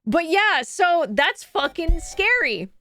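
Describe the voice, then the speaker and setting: A woman's voice: extremely high pitch, big pitch swings, takes it slowly, sharp tone. A woman streamer chatting casually, telling a story in a rambling way with lots of fillers and swearing. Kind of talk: casual chat.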